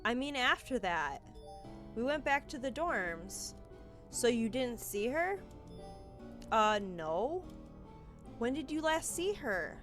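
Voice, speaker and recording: Woman reading a laid-back dude student in a game, offhand and slangy, a little louder than her own voice. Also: on the high side, big pitch swings, slow pace, long pauses, faint music behind, voice pushed up, exaggerated voice.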